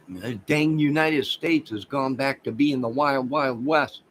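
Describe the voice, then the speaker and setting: A man's voice: medium pitch, a little slow, few pauses, slight background noise, poor audio. A man hosting a casual livestream, rambling and talking straight to his viewers. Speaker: livestream host.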